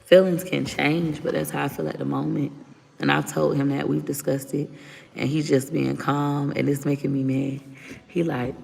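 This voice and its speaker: Blunt gravelly-voiced woman venting. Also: deep voice, flat delivery, normal speed, darkish tone, long reverb tail. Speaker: livestream host. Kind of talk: casual livestream talk to viewers.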